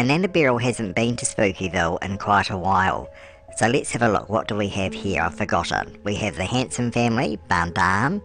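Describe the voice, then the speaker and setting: A man with a fairly low, slightly bright voice plays a chatty elderly grandmother hosting let's-play game commentary. In character, he calls the listener "love" and answers his own questions, with music playing in the background.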